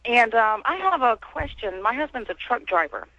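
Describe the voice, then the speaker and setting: A woman from Houston calling in to a talk radio show, speaking hesitantly with many pauses. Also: a little high, very animated, pushed and bright, dry recording. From Houston, Texas. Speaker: caller. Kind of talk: phone-in call. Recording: muffled dry phone line.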